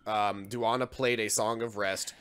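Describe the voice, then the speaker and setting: A man's voice: lowish voice, steady tone, measured pace, fairly bright tone. A man running a tabletop game as dungeon master, joking around and laughing often.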